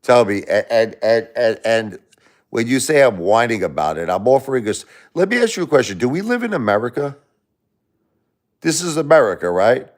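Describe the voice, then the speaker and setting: A man hosting a live stream, angrily lecturing and insulting a chat commenter with lots of profanity, swinging between loud outbursts and low muttering. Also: big pitch swings, normal speed. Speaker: livestream host reading chat. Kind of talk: livestream rant at a chat commenter.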